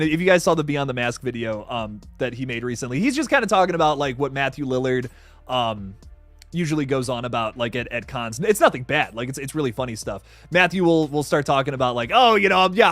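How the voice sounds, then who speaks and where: A young man hosts a casual livestream, talking excitedly with frequent laughs and stumbling restarts. His voice sits a little high and swings widely in pitch. The sound is close and dry, with faint music in the background. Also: no room sound. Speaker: livestream host reading chat.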